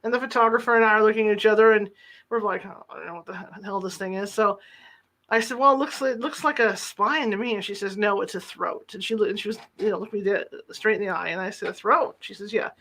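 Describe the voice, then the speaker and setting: Bright-voiced chatty podcast host. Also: mid-range voice, quick pace. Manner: chatty, retells dialogue in quotes. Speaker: podcast host and former reporter. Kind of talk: casual anecdotal storytelling. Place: lives in the Sacramento area.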